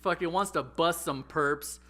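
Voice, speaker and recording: Young man, podcast host, bright forceful tone, casual storytelling chat. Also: a little high, a little slow. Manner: animated, profane, exaggerating storyteller.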